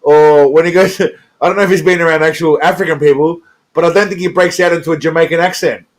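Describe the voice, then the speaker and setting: Dude rambling over clips, kinda high voice, swears a lot, keeps laughing and getting sidetracked. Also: male voice, fairly even intonation, fast talker. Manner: rambling, profane, chuckling, goes off on tangents. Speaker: reaction video host. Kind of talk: casual commentary over clips.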